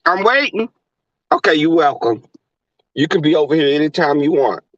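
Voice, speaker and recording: A man's voice: on the high side, expressive, moderate pace, dry recording, lo-fi sound. A man with a Southern US accent hosting a livestream, chatting with viewers in a brash, profane, camp manner. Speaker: livestream host. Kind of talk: casual chat with live viewers.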